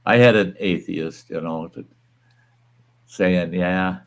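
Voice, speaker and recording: Blunt, crude man hosting a low-voiced chat. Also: steady tone, takes it slowly. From United States. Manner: blunt, crude, laughs often. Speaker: host. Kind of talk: casual chat.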